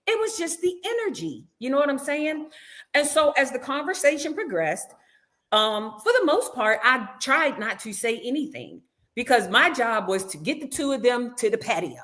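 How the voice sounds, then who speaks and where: A woman's voice: high voice, very animated, normal speed, a bit bright. A woman guest in a casual interview, telling a story with animation and acting out what others said. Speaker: reality show cast member guest. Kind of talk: casual interview, recounting events.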